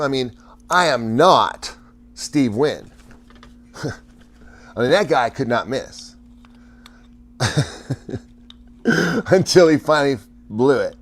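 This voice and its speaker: Male streamer, mid-pitched, rambling chat full of restarts and chuckles. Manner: rambling, stammers and restarts, laughs often. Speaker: livestream host chatting with viewers. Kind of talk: casual livestream chat.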